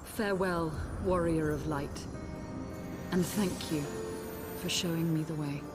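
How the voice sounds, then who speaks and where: An actress voicing a young woman saying a soft farewell in a game cutscene, heard under loud music. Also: sits low, steady tone, unhurried. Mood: gentle farewell.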